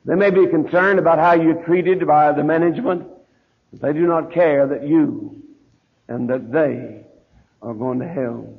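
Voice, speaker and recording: A man preaching a sermon in a church, who slows and drops into a heavy hush on his key words. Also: fairly high pitch, vocal fry. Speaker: pastor. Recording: tinny lo-fi archive tape.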